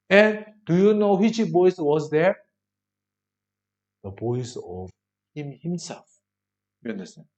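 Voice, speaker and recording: A man preaches slowly in broken English and keeps checking in with his listeners. His voice sits fairly high and swings between loud emphasis and soft drops. He talks at an unhurried pace. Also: lively intonation, highs cut off. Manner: broken English, rhetorical questions to the congregation. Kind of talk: sermon.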